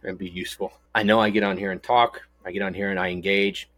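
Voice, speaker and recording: A middle-aged man from Texas with a very low, deep voice, chatting loosely on a podcast. He rambles through stories with a joking, easygoing manner, and his voice sounds close and dry with no room echo. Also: level tone, quick pace, fairly bright tone. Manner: rambling, storytelling, jokey. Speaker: podcast co-host. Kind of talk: casual podcast chat.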